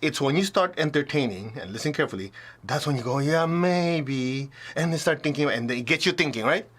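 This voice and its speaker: A man's voice: medium pitch, lively intonation, quick pace, a bit bright, breathy edge. Man giving a blunt, casual spiritual talk. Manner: casual, blunt, acts out voices in quotes. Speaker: spiritual teacher. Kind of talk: informal spiritual talk to an audience.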